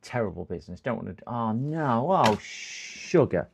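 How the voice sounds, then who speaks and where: Gravelly man chatting on a live repair stream. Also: mid-range voice, sing-song, normal speed, few pauses. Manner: chatty, mutters to himself, answers chat, exasperated outbursts. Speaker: livestreaming repair technician. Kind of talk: casual live-stream chat while working.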